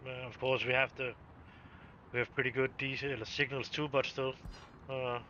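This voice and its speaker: A man hosts a game stream in loose, halting chat, often stopping to restart. His voice is bright and sharp. The audio is dull and lo-fi, with a faint hiss underneath. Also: medium pitch, level tone. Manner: hesitant, many fillers and restarts. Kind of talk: casual chat while gaming.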